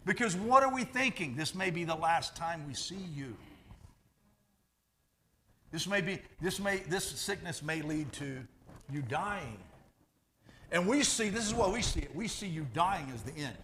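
A man preaching a sermon as pastor, animated and conversational, jumping from loud bursts to hushed asides. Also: fairly high pitch, moderate pace, pauses often, slight background noise.

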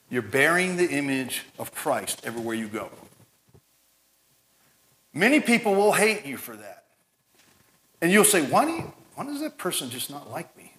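Middle-aged preacher guy, chatty and folksy, goes loud then drops real soft. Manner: swings between loud emphatic preaching and soft low asides; folksy and conversational, laughs and tells family stories. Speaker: pastor. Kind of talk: sermon.

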